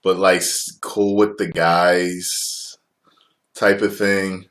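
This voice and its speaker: A man in his forties from the United States, chatting casually on a livestream as host, profane and quick to laugh. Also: sits low, level tone. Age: 40s. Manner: profane, laughs often, swings loud and soft.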